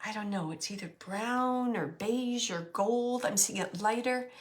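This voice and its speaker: A woman acting as a psychic medium, relaying a spirit's messages in a halting, searching way and often laughing. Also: medium pitch. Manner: halting, searching, thinking aloud.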